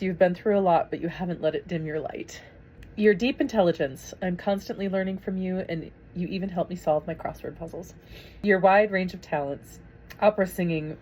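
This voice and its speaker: A woman talks straight to her camera in a casual vlog. Her voice sits a little low, and her delivery is effusive and chatty, with laughs breaking in often. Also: a little mellow, a little hiss or hum. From Minnesota. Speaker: parent vlogger.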